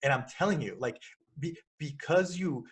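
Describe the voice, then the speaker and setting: A man with a husky, slightly breathy voice hosts a casual podcast chat. He argues with animated, persuasive energy, repeating his points for emphasis and slipping into little acted-out phone calls. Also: fairly high pitch, moderate pace. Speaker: podcast host.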